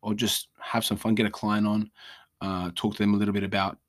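Profane ranting Australian man, low voice. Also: flat delivery, brisk. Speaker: podcast host. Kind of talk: casual solo rant.

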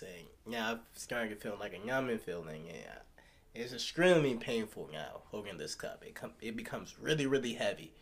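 A man's voice: fairly low pitch, lively intonation, normal speed. A man co-hosting a podcast, chatting casually and retelling an anecdote to give advice. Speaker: podcast co-host. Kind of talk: casual chat.

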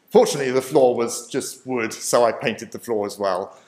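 A man's voice: mid-range voice, moderate pace, a little mellow. Man, minister sharing testimony, self-deprecating, roomy echo. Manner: self-deprecating, laughs at himself often. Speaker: minister telling his life story. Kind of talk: personal testimony talk.

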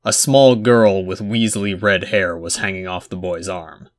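A man narrating a fan fiction chapter aloud in a measured storytelling manner. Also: low-pitched, fairly even intonation. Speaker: audiobook narrator.

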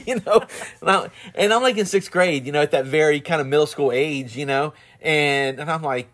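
A man's voice: a little high, normal speed, fairly bright tone. A man with a Southern twang in casual chat, rambling with many restarts and laughing often as he tells stories. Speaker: husband and father.

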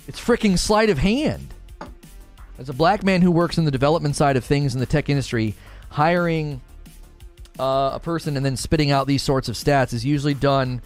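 A man giving heated live-stream commentary, indignant and sarcastic, often mocking others in hushed put-on voices. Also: on the high side, normal speed, faint music behind. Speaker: streamer commenting on industry news.

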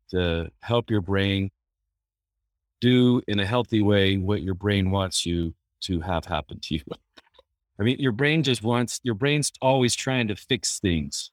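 A therapist chats casually, a man with a somewhat low voice who drifts through anecdotes with easy fillers. The sound is dry and close, with no room around it. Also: dry recording. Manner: easygoing, anecdotal, many fillers. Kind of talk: casual storytelling.

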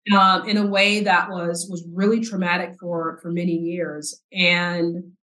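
A woman in her forties from South Texas, a podcast guest telling her personal story in an earnest, halting way with repeated words. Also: on the low side, level tone, sharp tone. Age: 40s. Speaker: podcast guest, nonprofit CEO. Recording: roomy echo.

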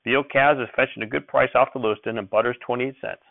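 A man voicing a fussy, excitable old rural grandfather who talks in a folksy backwoods dialect and breaks into sharp scolding. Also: mid-range voice, quick pace, vocal fry, no room sound, lightly acted. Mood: grudging. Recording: dry, thin phone-like sound.

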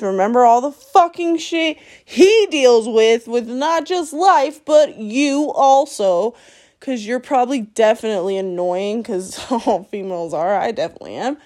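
Woman, podcast host, solo rant, blunt and profane, scolding tone, fairly high voice. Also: lively intonation, unhurried, dark tone. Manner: blunt, profane, scolding, laughs between lines.

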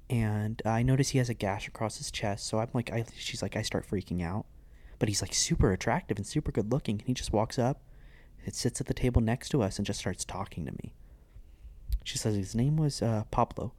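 A man's voice: fairly low pitch, brisk, no room sound. A young adult man, co-host of a podcast, telling a story in casual chat and acting out the voices of the people in it. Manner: animated storyteller who acts out quoted voices.

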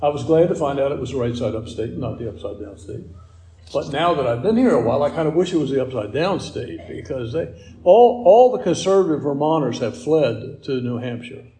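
A man's voice: medium pitch, animated, fairly quick, mellow, reverberant. A man preaching a sermon as pastor, building emphasis with repeated rhetorical questions.

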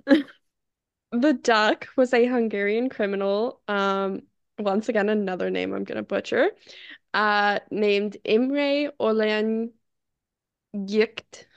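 A woman's voice: mid-range voice, fairly even intonation, slow pace, gravelly, clean tone, no echo, dull audio. A woman co-hosting a podcast, recounting a true-crime case in casual chat, often tripping over foreign names and laughing it off. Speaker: podcast co-host.

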